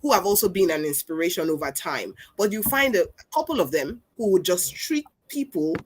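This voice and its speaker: A woman from Nigeria telling lively stories about work as a guest on a webinar panel, over a video call. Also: lowish voice, brisk, breathy edge. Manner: animated storytelling, quoting people. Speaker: guest speaker, advertising creative.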